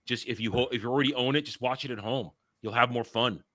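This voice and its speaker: A man's voice: medium pitch, steady tone, fast talker, a bit bright, no echo, clean studio sound. A man hosting a casual panel chat, blunt and ranting with some swearing. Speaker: podcast host.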